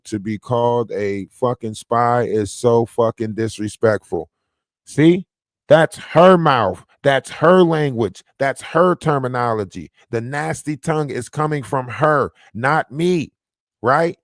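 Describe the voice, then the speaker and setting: A man's voice: mid-range voice, no room sound, studio quality. A man hosting a livestream, talking casually and reading out messages, with an insistent manner and frequent "right?" tags. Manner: insistent, keeps adding "right?". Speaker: livestream host.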